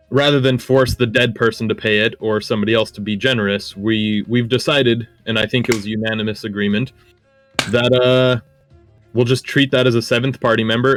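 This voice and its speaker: A man with a fairly low voice plays a tabletop game, explaining things in long, wordy turns. His voice sounds dry and close, with no room around it. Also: no echo. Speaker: player.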